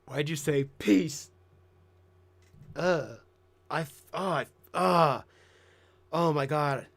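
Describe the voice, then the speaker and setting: A man's voice: on the high side, extremely slow, gravelly, fairly bright tone. A man hosting a casual reaction commentary show, mocking and sarcastic with crude jokes. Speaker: commentary host.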